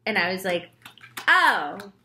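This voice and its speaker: A woman's voice: medium pitch, measured pace, a bit bright, a little hiss or hum. A young woman, a tarot reader, chatting to her viewers in a casual monologue and acting out the voices in her story.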